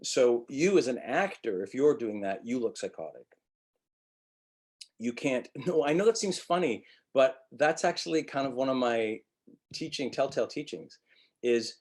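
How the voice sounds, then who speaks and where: A male acting teacher gives a webinar lecture in a husky, slightly breathy voice. He talks bluntly and drops profanity freely. He breaks into short acted-out lines of dialogue to make his points. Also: medium pitch. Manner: blunt, profane, animated, acts out quick quotes.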